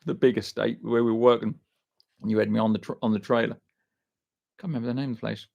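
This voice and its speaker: Gravelly bloke chatting live. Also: male voice, medium pitch, fairly even intonation, fast, darkish tone, dull audio. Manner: loose, sweary and matey, answering chat by name. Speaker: live stream host reading viewer comments. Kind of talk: casual live chat.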